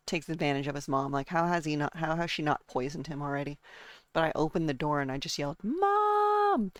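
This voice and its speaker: A woman's voice: sits low, dry recording. A woman streaming a game and chatting casually, rambling from one thought to the next and talking to her chat and herself.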